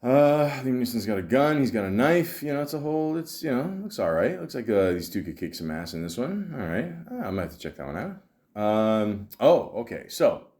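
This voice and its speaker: On his film podcast, a man talks about movies in a loose, rambling way, full of fillers and the odd curse. He has a medium-pitched, sing-song voice with a darkish tone and speaks a little fast.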